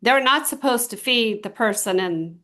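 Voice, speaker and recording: A middle-aged woman with a fairly high voice leads a small group through a motivational talk. She tells personal stories and stretches out the words she stresses. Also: animated, pushed and bright. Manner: emphatic, storytelling, drawn-out stresses. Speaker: team trainer.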